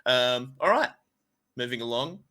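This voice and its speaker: A man's voice: medium pitch, lively intonation, a little slow, sharp tone, clear, resonant tone. A man co-hosting a casual gaming chat show, rambling with lots of fillers and swearing. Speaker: podcast co-host.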